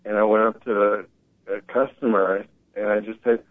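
A man talking earnestly in a casual conversation, telling animated stories and quoting other people, heard over a phone call. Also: on the low side, normal speed. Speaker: guest. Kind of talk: casual talk show conversation. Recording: tinny phone-line sound.

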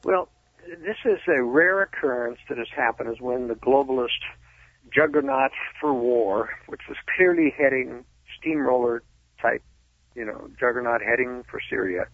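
Man, phone-in guest, gravelly raspy voice, emphatic, tinny dry phone line. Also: medium pitch, lively intonation, moderate pace, dry recording. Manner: emphatic, explanatory. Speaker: guest political analyst. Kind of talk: phone-in radio interview. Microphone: telephone.

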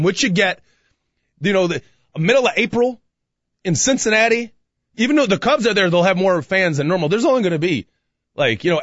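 A man, co-hosting a podcast in a rambling, excitable way, with many restarts and sudden loud bursts. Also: a little high, no room sound, highs cut off. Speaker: podcast co-host. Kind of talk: casual radio-style chat.

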